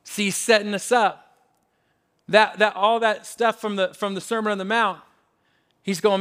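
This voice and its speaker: A man's voice: high-pitched, flat delivery, moderate pace, long pauses, a bit bright, smooth. A man preaching a sermon in an emphatic, conversational way, often repeating his phrases. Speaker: pastor.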